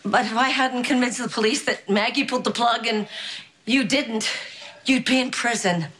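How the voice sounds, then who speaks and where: A woman's voice: on the high side, moderate pace, a bit bright. An actress playing a haughty, manipulative middle-aged mother who justifies her crimes, in soap opera style. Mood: pleading. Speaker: mother held in custody.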